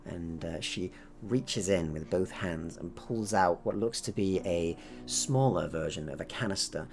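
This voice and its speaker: A man narrating a tabletop horror game as game master, relaxed and hesitant with many fillers. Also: low-pitched, a little slow, slight background noise.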